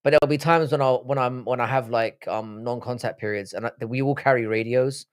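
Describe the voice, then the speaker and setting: A man's voice: medium pitch, steady tone, a little fast. Tired man chatting on stream. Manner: swears freely, rambling with restarts. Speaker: livestream host. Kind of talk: casual live-stream chat.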